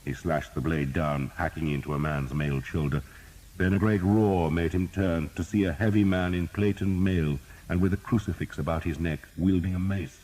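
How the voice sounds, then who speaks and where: A man with an extremely deep voice reads a historical audiobook. His tone is husky and a little rough, and his delivery is steady and measured, carrying the action line by line. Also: low-quality recording. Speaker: audiobook narrator. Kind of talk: dramatic audiobook narration.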